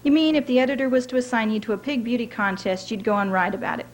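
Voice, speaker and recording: A woman's voice: on the high side, fast, a little hiss or hum, lightly acted, low-quality recording. A woman reading aloud voices a folksy male bus driver who teases in a drawl and calls people darlin'. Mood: needling.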